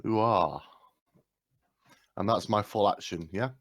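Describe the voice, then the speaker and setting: A man's voice: fairly low pitch, takes it slowly, no echo, clean studio sound. A man playing a tabletop game over voice chat, announcing his moves in a plain, decisive way. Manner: plain-spoken, decisive turns. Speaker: player.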